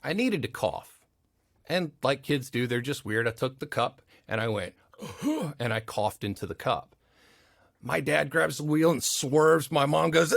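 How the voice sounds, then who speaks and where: Male podcast guest; lively, swooping delivery; dry close mic; acts out voices in anecdotes. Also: on the high side, moderate pace, vocal fry, no echo. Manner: animated, acts out quoted voices. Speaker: podcast guest, audio engineer. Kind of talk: casual interview storytelling.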